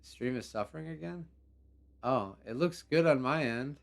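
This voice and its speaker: A man's voice: medium pitch, lively intonation, normal speed, vocal fry. A young man hosting a game live stream, talking casually with slang and laughing as he reacts. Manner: laid-back, laughing, rambling with slang. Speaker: livestream host. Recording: faint background music.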